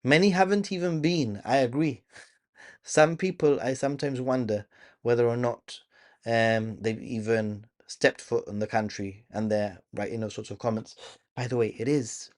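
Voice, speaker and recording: A man's voice: medium pitch, normal speed. A man hosting a casual live stream, chatting to viewers, reading their comments aloud and laughing often. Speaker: livestream host.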